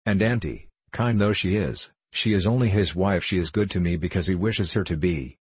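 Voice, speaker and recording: A man's voice: deep voice, normal speed, husky, no room sound. A man voicing a bitter, distraught young woman haunted by her past. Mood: anguished.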